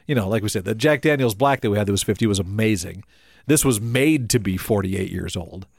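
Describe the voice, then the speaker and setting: A man's voice: fairly low pitch, a little fast, creaky, no echo, clean studio sound. A man co-hosting a casual podcast chat. He laughs often and trails off with fillers. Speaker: podcast co-host.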